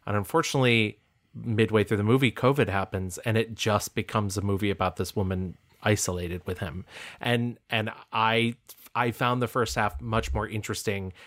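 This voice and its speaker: A man co-hosting a film review podcast, giving thoughtful, measured criticism in a casual way. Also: lowish voice, fairly even intonation, a bit bright. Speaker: podcast co-host.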